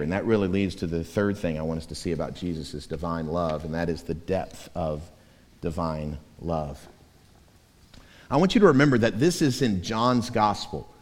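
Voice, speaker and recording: A man's voice: on the low side, a little mellow. A man preaching as pastor, telling stories in a self-mocking, emphatic way. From Florida. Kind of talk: sermon. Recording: echoey church hall.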